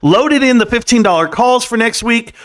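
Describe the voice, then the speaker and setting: Male livestream host, middle-aged, high-pitched, boastful trash-talker with singing outbursts. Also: expressive, moderate pace. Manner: brash, boastful trash talk with swearing; bursts into singing and shouting. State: out of breath. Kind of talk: hyped late-night stock talk livestream.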